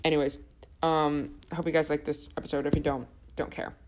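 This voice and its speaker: With a deep, fairly flat voice and a slightly quick pace, a young woman chats on her solo podcast, wandering off topic and frequently starting sentences over. There's noticeable background noise.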